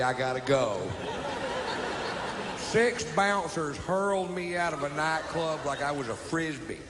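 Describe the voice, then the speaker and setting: A man's voice: a little high, noisy background. A man telling a drawling stand-up story and acting out the people in it. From Texas. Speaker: stand-up comedian. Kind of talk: stand-up comedy.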